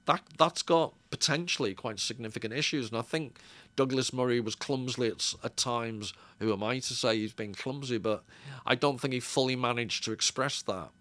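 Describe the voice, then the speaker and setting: A man talks through his argument in an unhurried, reflective way, often stopping to qualify or rephrase a point. His voice sits in a middle register. The recording is dry, with no room echo. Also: medium pitch, fairly bright tone. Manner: thoughtful, measured, hedging with self-corrections. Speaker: video essayist. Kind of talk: unscripted commentary to camera.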